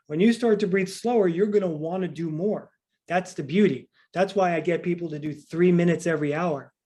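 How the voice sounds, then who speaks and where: Male breathing coach, a bit high-pitched, calm guided counting and plain how-to explanation.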